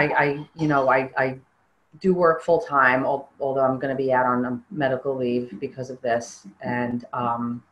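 An older woman giving a personal testimony in an interview, earnest and halting, often restarting her sentences. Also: very deep voice, poor audio.

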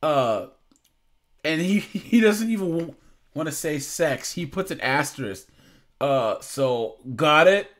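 Young man, higher-pitched voice, slow delivery, casual reaction commentary, amused, incredulous. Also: lively intonation. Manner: amused, incredulous, laughs between lines. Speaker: commentary channel host.

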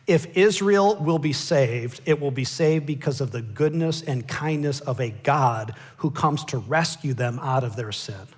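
An American man preaching a sermon, swinging from loud pleading cries to hushed asides. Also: medium pitch, measured pace, few pauses. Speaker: pastor. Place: church sanctuary.

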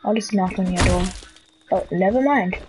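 A woman's voice: mid-range voice, normal speed, noisy background. A woman streaming a game live, chatting playfully and teasing other players as she plays. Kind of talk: live gameplay commentary. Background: game music.

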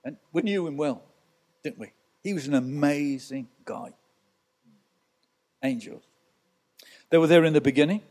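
A man's voice: a little high, a little fast, hardly any pauses, darkish tone. A male pastor preaching a sermon in church, telling stories with rhetorical asides to the congregation.

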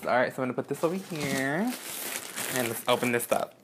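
Excitable young guy doing a casual unboxing vlog at home, swears a ton, squeals up high when he's thrilled, middle-pitched voice. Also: a little fast, background noise. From United States. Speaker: YouTuber opening fan mail. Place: indoors at home, apartment.

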